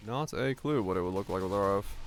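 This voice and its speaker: Gravelly low-voiced man streaming a game. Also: lively intonation, fast, soft background music. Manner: rambling, answers chat questions while playing. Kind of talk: casual gameplay commentary.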